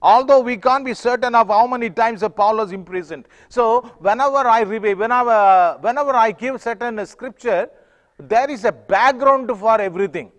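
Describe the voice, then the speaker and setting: High-voiced male preacher in a reverberant hall. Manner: halting, many fillers and restarts. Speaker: pastor. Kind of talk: sermon.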